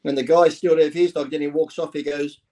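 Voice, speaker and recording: Man, fifties, profane storyteller, laughs a lot, slightly high voice. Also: little pitch movement, fast talker, dark tone. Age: 50s. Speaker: co-host. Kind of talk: casual chat.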